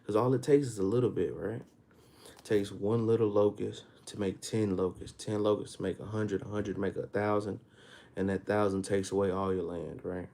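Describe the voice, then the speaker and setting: A man with a Texas accent leads a Bible class in a relaxed, conversational way. His voice sits low and mellow, and he reads the verses at a slow pace before breaking them down in everyday slang with rising force. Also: creaky. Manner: reads scripture slowly, then explains in casual street talk with rising emphasis. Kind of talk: informal scripture teaching.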